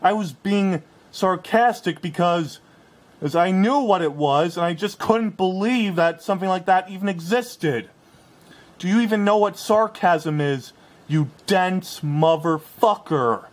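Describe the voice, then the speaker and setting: Man in a video clip, slightly high voice, swearing, sarcastic rant. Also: unhurried. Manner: profane, sarcastic ranting. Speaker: video creator being rebutted.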